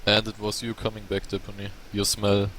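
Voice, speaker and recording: German man, deep voice, casual analytical game caster. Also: monotone, normal speed, a bit bright, a little hiss or hum, poor audio. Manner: analytical, plain-spoken play calls. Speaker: game commentator.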